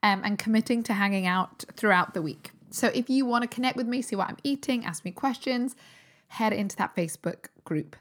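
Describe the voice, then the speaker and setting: A British woman, a holistic nutritionist, hosting her own podcast in a chatty, upbeat way, her voice still a little croaky from a recent cold. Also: fairly high pitch, a little fast. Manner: chatty and upbeat, with frequent fillers and restarts. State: slightly croaky voice recovering from a cold. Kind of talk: casual solo podcast talk.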